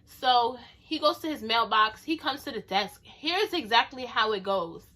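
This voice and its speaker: A young woman telling a story to camera in a chatty, animated way, full of "like". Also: fairly high pitch, unhurried. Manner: chatty and animated, leaning on filler "like". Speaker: storytime vlogger.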